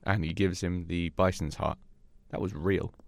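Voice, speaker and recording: A man's voice: low voice, steady tone, moderate pace. A man on a podcast, giving earnest opinions in casual chat. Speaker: podcast co-host.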